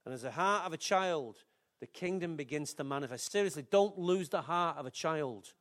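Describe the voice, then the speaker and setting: A man's voice: fairly high pitch, animated, normal speed, fairly bright tone. An older man, preaching a sermon in a chatty, joking way with asides to the congregation. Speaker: pastor.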